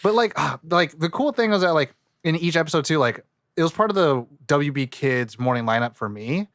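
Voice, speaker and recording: A man's voice: a little high, animated, a little fast, a bit bright, no echo, studio quality. A man co-hosting a podcast, talking casually and rambling with many fillers and restarts. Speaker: podcast co-host. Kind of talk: casual chat.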